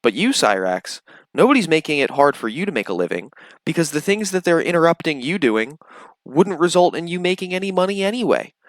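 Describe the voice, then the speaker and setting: A man's voice: on the high side, sing-song, fairly quick, dry recording. A man narrating a commentary video in a mocking, sarcastic way. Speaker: commentary channel host. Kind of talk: commentary voice-over.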